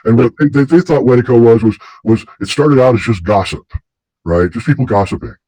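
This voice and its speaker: A man's voice: mid-range voice, brisk, mellow, no echo, poor audio. A man hosting a casual talk show, telling stories in a rambling way with many restarts. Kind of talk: casual conversation.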